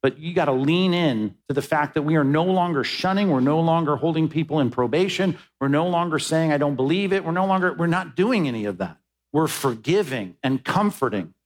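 A man preaching with a slightly high voice that leaps up on stressed words and drops low for quiet points. He speaks as a pastor delivering a sermon, emphatic and swinging between rousing and conversational. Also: animated, fairly quick, poor audio. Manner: conversational asides to the congregation.

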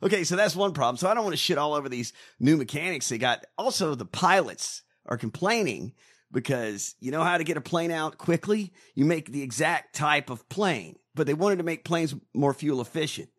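A man's voice: on the high side, moderate pace. A man co-hosting a casual podcast, ranting with lots of swearing. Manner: profane, animated ranting. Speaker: co-host.

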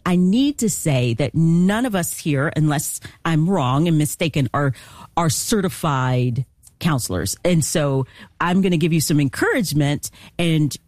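A woman hosting a faith call-in radio show, speaking in a steady, pastoral way. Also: low-pitched, a little slow, dry recording. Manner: warm affirmations, steady and pastoral.

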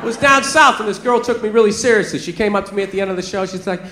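A man performing a stand-up comedy set in a club, telling profane, animated stories. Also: high-pitched, fast talker. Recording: echoey club with crowd noise. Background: audience laughter.

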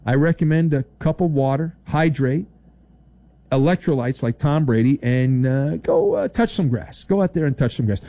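A middle-aged man hosting a sports talk radio show, delivering a sarcastic, animated monologue and mocking the views he disputes. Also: mid-range voice, normal speed.

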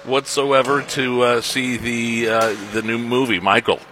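A man's voice: medium pitch, level tone, unhurried, pushed and bright, slight background noise. Laughing man co-hosting a radio show. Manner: laughs often, playful. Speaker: radio co-host. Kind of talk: casual morning radio banter.

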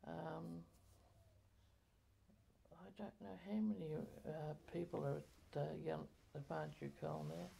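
Low gravelly older woman reminiscing. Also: steady tone, warm tone. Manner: hesitant, halting, many fillers and self-corrections. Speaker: interviewee. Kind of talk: oral history reminiscence.

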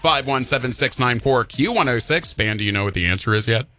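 Male radio host: bright, punchy, playful, bouncy delivery. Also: medium pitch, a little fast, no echo, faint music behind. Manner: upbeat, animated, joking. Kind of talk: morning rock radio banter. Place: radio studio.

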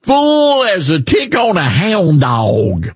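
A high, syrupy Southern drawl, as a man puts it on, scolding in slow, stretched phrases. The voice jumps far above his usual pitch and sounds husky in a dry, close space. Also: huge pitch swings, no echo, exaggerated voice. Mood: mocking drawl. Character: exaggerated folksy Southern politician, woman, syrupy and scolding.

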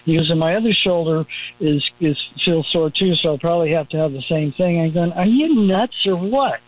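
A man's voice: fairly high pitch, fairly even intonation, brisk. A man calling in to a radio show from his cell phone, chatty and hesitant as he tells a story. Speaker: caller. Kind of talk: casual phone call. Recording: muffled phone line.

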